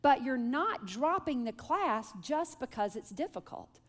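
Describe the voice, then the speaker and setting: A woman voicing a calm father who speaks to his daughter in a patient, firm, soft-spoken way. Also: sits high, normal speed, pitched above the performer's own voice. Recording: long hall reverb.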